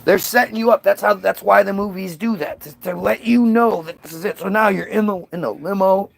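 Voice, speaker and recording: Scornful, gravelly-voiced man ranting. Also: sits high. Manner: scornful, profane, repeats words. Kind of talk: casual ranting monologue.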